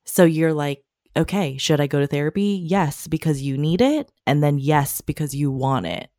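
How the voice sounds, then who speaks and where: A woman co-hosting a podcast in casual chat, opinionated, with quick asides and frequent laughs. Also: low-pitched, expressive, warm tone, dry recording, studio quality. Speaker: podcast co-host.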